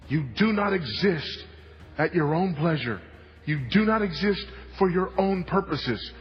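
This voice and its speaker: A man preaching a sermon with emphasis, repeating key lines and moving between hushed and loud delivery. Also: high voice, in a large hall, highs cut off. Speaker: pastor. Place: church sanctuary.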